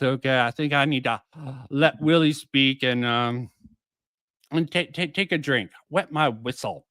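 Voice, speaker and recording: A man's voice: medium pitch, measured pace, fairly bright tone, clean tone, no echo. Dry-sounding man rambling through stream commentary. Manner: rambling, profane, frequent fillers and restarts. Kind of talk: casual livestream commentary.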